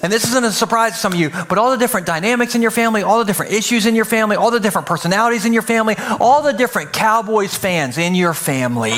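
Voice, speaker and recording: A man's voice: high voice, expressive, very fast, hardly any pauses, a bit bright, slight background noise. A man preaching a sermon to a live church audience, playful and jokey, acting out little scenes in funny voices. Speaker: pastor.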